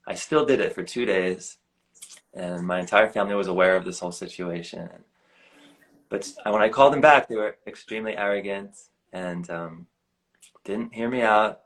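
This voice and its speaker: A man in his forties telling a personal story in an earnest, animated way, often saying "like", recorded over a live video stream. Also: lowish voice, moderate pace, poor audio. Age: 40s. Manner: earnest, animated, heavy use of "like". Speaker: guest. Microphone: live video stream on a phone or computer.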